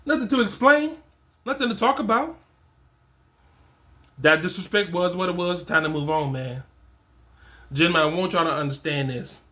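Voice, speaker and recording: A man's voice: sits high, moderate pace, long pauses, sharp tone. A man in his forties giving casual, emphatic motivational talk to other men, repeating his points with slang. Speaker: fatherhood and men's coach.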